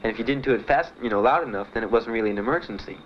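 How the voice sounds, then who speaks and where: A man being interviewed about his time in the service, telling his story in a halting, plainspoken way with many fillers. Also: fairly low pitch. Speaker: veteran interviewee. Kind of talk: documentary interview. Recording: dull archival recording with faint hiss.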